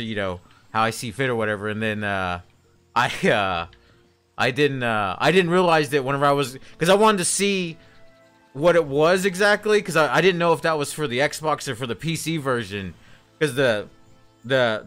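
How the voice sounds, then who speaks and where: A man's voice: mid-range voice, fairly bright tone, clear, resonant tone. A man streaming a video game, chatting casually with viewers in a hesitant, rambling way. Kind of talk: casual live-stream chat.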